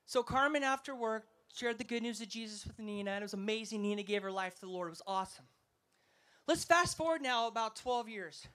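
A man's voice: high voice, brisk, sharp tone. A man preaching an emphatic sermon, telling stories and rousing his listeners. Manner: emphatic, rousing, storytelling delivery. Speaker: evangelist preacher. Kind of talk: festival sermon.

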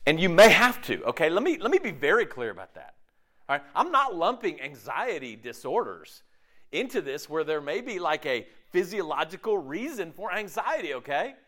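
Man preaching, high voice, very lively swings, chatty, keeps asking okay. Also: moderate pace. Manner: animated, conversational preaching with frequent "okay?" check-ins; acts out inner dialogue in shifting voices. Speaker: pastor. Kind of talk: sermon.

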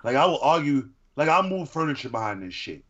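Animated, argumentative man on a podcast. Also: on the high side, fairly quick, dull audio. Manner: animated, argumentative, bursts into shouting. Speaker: podcast co-host. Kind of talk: casual chat.

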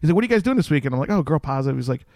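A man's voice: fairly high pitch, rapid-fire, no echo, studio quality. A man co-hosting a casual podcast, cracking jokes and laughing at his own lines. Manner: joking, animated banter, laughs at own jokes. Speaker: podcast co-host. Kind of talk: casual chat.

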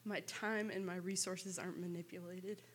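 A woman giving a personal testimony in church, tearful, halting and soft, with many pauses. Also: fairly low pitch, flat delivery, slight background noise.

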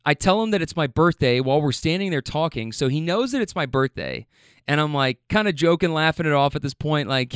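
Rambling man telling a story, smooth voice. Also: on the high side, lively intonation, a little fast, no room sound, studio quality. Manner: rambling with fillers, stammers and swearing. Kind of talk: casual storytelling.

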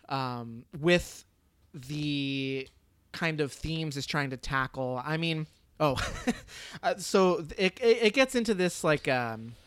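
A man's voice: on the high side, a bit bright, dry recording. A man co-hosting a casual podcast chat, rambling with many fillers and casual swearing. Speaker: podcast co-host reviewing a film.

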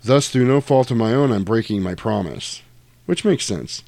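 A man's voice: on the low side, expressive, moderate pace, creaky, a little mellow, no room sound. A man in casual chat, retelling a film scene, acting out the dialogue and swearing freely.

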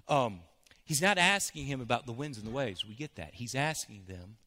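A male pastor preaching a sermon in a church, shifting from hushed to loud. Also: mid-range voice, animated, normal speed.

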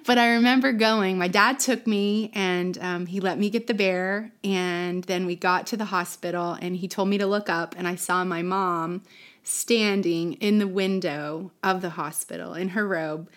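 A woman's voice: on the low side, steady tone, moderate pace. A woman, a guest on a casual podcast, sharing family memories and advice, laughing and getting teary. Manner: emotional, tearful at times, laughs often. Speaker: podcast guest, TV news personality. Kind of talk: casual interview chat.

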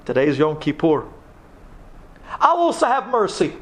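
A man's voice: fairly high pitch, huge pitch swings, moderate pace, fairly bright tone. A man voicing a cruel pasha who threatens a congregation with mock mercy, in a sermon story. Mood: menacing. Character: cruel middle-aged male pasha, menacing ruler.

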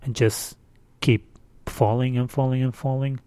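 A man's voice: medium pitch, level tone, unhurried, warm tone, clean tone. A man hosting his own casual solo podcast, chatty and exasperated, rambling with fillers, recorded on a distorted home microphone. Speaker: podcast host. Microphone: windscreened microphone.

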